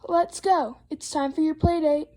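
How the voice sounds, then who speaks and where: A woman's voice: high voice, animated, normal speed, dark tone. A woman voicing a stern, exasperated father frog in a storybook reading, firm and scolding.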